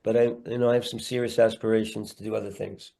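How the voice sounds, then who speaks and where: A man's voice: lowish voice, level tone, fast talker, vocal fry, warm tone. A middle-aged man, a comedian and actor guesting on a podcast, talking in a rambling, earnest way with playful asides over a video call. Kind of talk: candid podcast interview.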